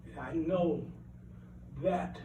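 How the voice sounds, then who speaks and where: An older man from Alabama speaks. He gives a rambling, earnest acceptance speech in a high voice and repeats key lines for emphasis. The voice is picked up from some way off in an echoey hall with a faint hiss. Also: extremely slow. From Alabama, USA. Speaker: award recipient giving acceptance speech. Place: banquet hall at an awards event. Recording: roomy hall, mic at a distance.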